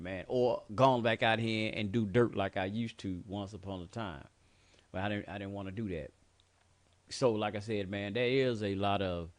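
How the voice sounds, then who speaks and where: A man hosting a show, talking candidly and bluntly in a heartfelt personal monologue, swearing often and saying "man" a lot. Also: on the low side. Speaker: show host.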